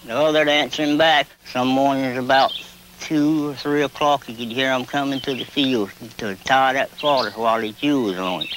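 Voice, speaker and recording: A man's voice: fairly even intonation, normal speed, fairly bright tone, a little hiss or hum, low-quality recording. A man, telling plainly how country folk hollered to each other. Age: 70s. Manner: plain-spoken, demonstrates long high hollers. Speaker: traditional holler caller. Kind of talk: folksy storytelling with hollering calls.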